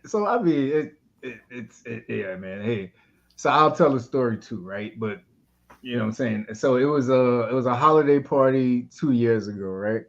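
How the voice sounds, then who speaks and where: A man's voice: medium pitch, animated, normal speed, highs cut off. A man co-hosting a podcast in casual chat, laid-back and joking, who often says "you know what I'm saying". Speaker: podcast co-host.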